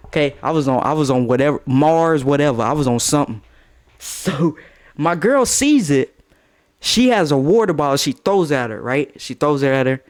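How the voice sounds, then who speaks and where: A young man telling a casual storytime with slang and swearing, breaking into high-pitched outbursts. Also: moderate pace. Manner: animated, swings into high-pitched outbursts when quoting.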